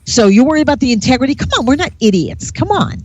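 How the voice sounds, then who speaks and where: Man, middle pitch, indignant and scoffing, dull muffled audio, dry. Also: rapid-fire, a little mellow, no echo. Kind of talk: casual political chat.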